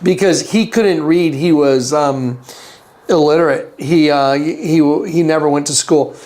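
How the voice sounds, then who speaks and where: A man being interviewed, telling a story in an animated way, acting out the voices and laughing as he goes. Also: unhurried. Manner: acts out quotes with big pitch jumps and laughter. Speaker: interview guest.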